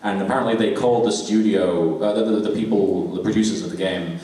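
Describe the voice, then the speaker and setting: A man's voice: fairly low pitch, quick pace, mellow. A man, a voice actor on a convention panel, telling chatty, laughing, self-deprecating anecdotes. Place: large convention hall with audience. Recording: echoey hall, far off, noisy.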